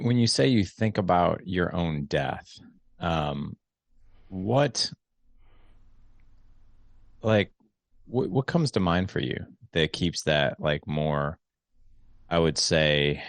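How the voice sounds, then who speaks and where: Deep gravelly man, slow and halting. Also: animated, no room sound. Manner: curious, halting questions. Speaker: podcast host. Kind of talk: casual interview conversation.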